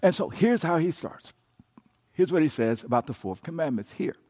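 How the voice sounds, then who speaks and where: A man preaching in a church, his voice high and swinging widely in pitch as he calls on the congregation to answer back and climbs toward shouting. The sound carries a long reverb from a large hall. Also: lively intonation, moderate pace. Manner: call-and-response preaching, builds to shouting. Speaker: pastor. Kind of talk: sermon.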